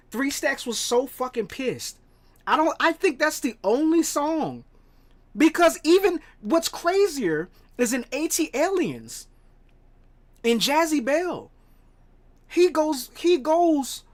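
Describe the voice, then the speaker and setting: A man streaming live, chatting casually with his viewers, profane and animated, rambling and laughing as he talks. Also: sits high.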